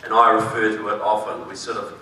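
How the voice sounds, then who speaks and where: Speaking in a large conference hall, a New Zealand-accented man delivers a public speech with emphasis and dry humor, though his tone is flat and brisk. His voice is lowish, pushed and bright, captured by a distant mic in an echoey room with slight background noise.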